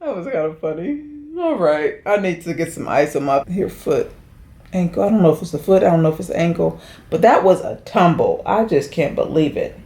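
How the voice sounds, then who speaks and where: A woman's voice: fairly low pitch, animated, fairly quick, warm tone. A woman vlogging casually to camera from her apartment, chatty and self-deprecating, talking straight to her viewers. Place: indoors at home, her apartment. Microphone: camera set up on a stand. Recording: roomy, echoey room.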